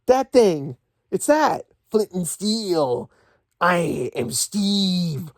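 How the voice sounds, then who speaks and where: A man mimicking a famous actor's slow, dim-witted delivery of movie catchphrases. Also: sits high, very animated, no room sound, studio quality, voice pushed up, full character voice. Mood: dopey.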